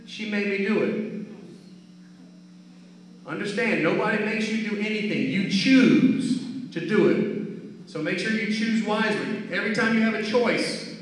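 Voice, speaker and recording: A man giving an energetic motivational talk to schoolchildren, repeating key phrases and calling for answers. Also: sits high, moderate pace. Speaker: guest speaker at a school. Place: school hall or gym. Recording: echoey hall picked up from far off.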